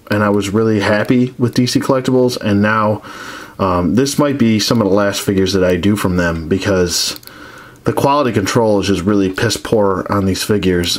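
A man casually reviewing action figures, rambling with many restarts and frank complaints. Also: on the low side.

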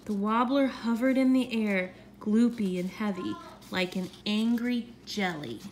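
Woman reading a kids picture book out loud, really slow, expressive. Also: mid-range voice, a little hiss or hum. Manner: expressive, animated. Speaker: storyteller. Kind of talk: children's storybook read-aloud.

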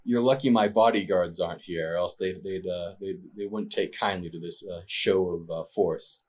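A man's voice: low voice, fairly even intonation, moderate pace, highs cut off, close to an everyday voice. A man voicing a haughty, snobbish male nobleman who talks down to people in a tabletop game. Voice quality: condescending, sneering.

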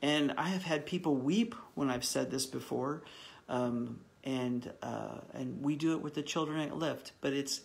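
A pastor with a slightly high, gravelly voice leads a live online Bible study. He's earnest, encouraging, and heartfelt, though halting, often stopping and restarting his sentences.

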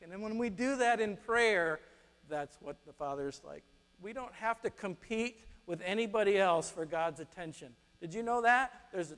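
A man preaching a sermon, telling stories with lively acted-out quotes. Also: sits high. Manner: animated storytelling, acts out quotes. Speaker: pastor. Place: church sanctuary. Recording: long reverb of a church hall.

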